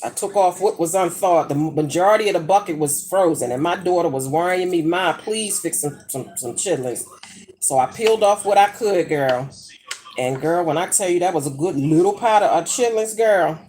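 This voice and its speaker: A woman's voice: on the low side, a little fast, dark tone. A middle-aged woman chatting casually while she cooks in her home kitchen, brash and profane as she tells gossipy stories. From United States. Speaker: vlogger. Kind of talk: casual chat while cooking.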